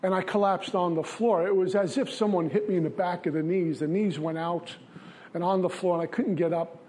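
A man's voice: high-pitched, steady tone, brisk, a little mellow, a little hiss or hum. A man from Brooklyn, giving an earnest, confessional recovery testimony in a repetitive style. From Brooklyn, New York. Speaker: recovery speaker.

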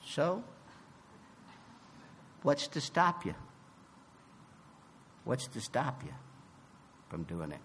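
A man giving a personal recovery testimony, animated and emphatic, acting out both sides of a conversation. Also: mid-range voice, very slow, long pauses, long reverb tail, slight background noise. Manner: emphatic, swings from loud to soft. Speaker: recovery meeting speaker.

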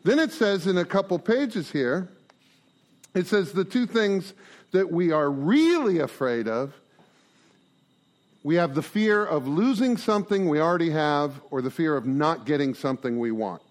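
A man's voice: fairly high pitch, a little slow. A middle-aged man giving an informal recovery group talk, acting out little conversations and tagging lines with "right?" and "man". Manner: animated, acts out conversations, frequent "right?" and "man".

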